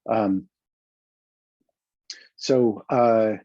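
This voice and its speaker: A man with a New York accent, a coach talking through self-help exercises in a calm, reflective way with many pauses and restarts. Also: fairly low pitch, no echo, highs cut off. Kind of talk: self-help teaching talk.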